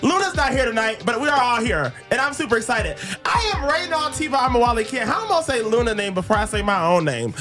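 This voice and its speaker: Lively man hosting a podcast. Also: very high-pitched, fast talker, hardly any pauses, over music. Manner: animated, laughing, sings phrases. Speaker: podcast host. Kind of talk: casual podcast chat.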